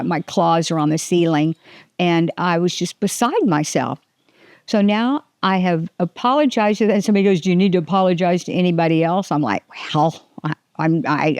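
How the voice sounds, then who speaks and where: A woman's voice: on the low side, a little mellow, no room sound, studio quality. An older woman hosting a casual faith podcast, rambling and restarting her sentences, often laughing. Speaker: podcast host.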